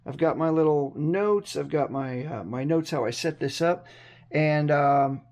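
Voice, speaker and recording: A hoarse man chatting casually to his vlog camera at home, rambling and talking himself through each step. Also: on the high side, measured pace, a little mellow. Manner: chatty, rambling, self-talk. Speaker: vlogger. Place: room at home. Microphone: action camera on a mini tripod.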